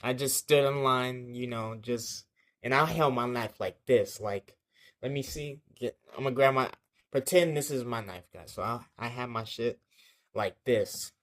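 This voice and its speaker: Young man, mid pitch, telling a casual vlog story that rambles with slang, fillers and swearing. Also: unhurried.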